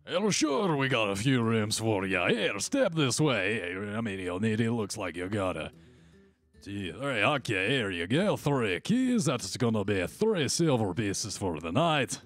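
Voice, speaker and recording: A man's voice: on the low side, sing-song, a little slow, faint music behind. Brief: man voicing a foul-mouthed barkeep, thick hammy Scottish brogue, sing-song delivery. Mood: hearty. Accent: put-on Scottish. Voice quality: thick brogue slipping around, swearing, rambling. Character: rambling, profane middle-aged male tavern keeper.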